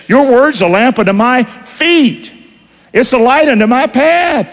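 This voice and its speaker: A man's voice: extremely high pitch, expressive, a little slow. A man preaching a sermon, emphatic, with call-and-response questions to the congregation. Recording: long hall reverb.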